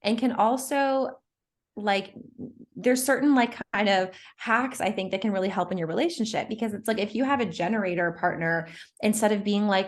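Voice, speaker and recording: A woman from Canada talks as an interview guest at a medium pitch. Her speech is chatty and loose, packed with "like" fillers, and she laughs easily. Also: normal speed. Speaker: guest, Human Design teacher. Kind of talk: casual interview chat.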